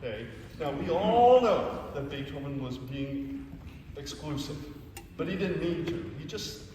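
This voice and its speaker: A man leading a choir rehearsal, patient and encouraging, who pokes fun at his own singing. He sounds far from the mic in a large hall with a long reverb tail. Steady background noise sits underneath his voice. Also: a little high, normal speed. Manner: encouraging, self-deprecating, explains patiently. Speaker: choir conductor.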